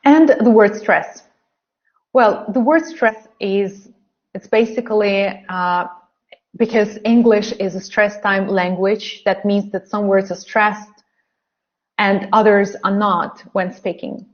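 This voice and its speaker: Slow-paced woman teaching pronunciation. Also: mid-range voice, steady tone, lo-fi sound. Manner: slow, drilling phrases by repetition. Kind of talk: online webinar lesson.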